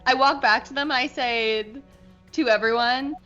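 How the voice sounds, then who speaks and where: Bright-voiced woman playing a tabletop game. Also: high-pitched, unhurried, lo-fi sound, faint music behind. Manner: playful, animated in character. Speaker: player. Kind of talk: tabletop role-play.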